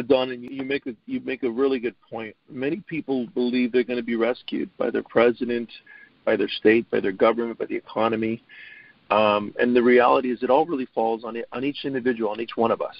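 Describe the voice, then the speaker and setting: A man's voice: mid-range voice, fairly quick, creaky, no echo. A middle-aged man talking as a guest on an interview show, earnest, often repeating his first words before he gets going. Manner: earnest, repeats words when starting sentences. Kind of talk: casual interview talk. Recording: dull, lo-fi audio.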